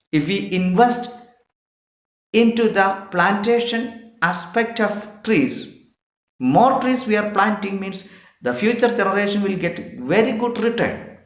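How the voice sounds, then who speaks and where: A man teaching, explaining a poem point by point in a slow, methodical way. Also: sits high, roomy sound, highs cut off.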